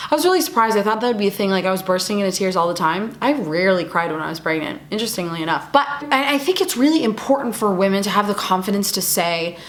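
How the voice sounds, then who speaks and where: Young adult woman, earnest, encouraging, mid-range voice, roomy echo. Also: mid-range voice. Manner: earnest, encouraging, repeats words for emphasis. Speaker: women's event speaker and video creator. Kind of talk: casual talk to camera.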